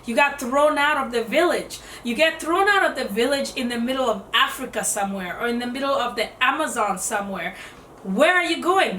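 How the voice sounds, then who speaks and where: A woman's voice: on the high side, bright, forceful tone, roomy sound, distant mic, a little hiss or hum. A woman giving casual self-development advice in a conversational way, explaining with rhetorical questions.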